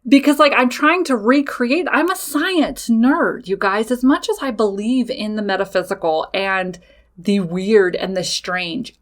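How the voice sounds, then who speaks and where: A woman who is a mother and a podcast host, casually telling a personal story, animated, swearing freely and talking straight to her listeners. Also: mid-range voice. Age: adult with children.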